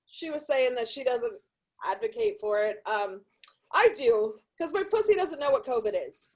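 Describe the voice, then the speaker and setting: A middle-aged woman from California with a high voice works through raunchy stand-up. She is blunt and profane, swearing casually throughout, and she is recorded in a hotel room. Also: expressive, normal speed, rough recording. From Sacramento, California. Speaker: stand-up comedian.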